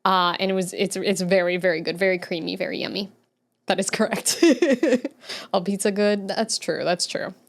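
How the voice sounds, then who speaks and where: At a moderate pace, a young woman speaks in a mid-range, gravelly voice with fairly even intonation. Hosting a casual livestream, she draws while chatting with viewers, responding to their messages aloud with plenty of laughter.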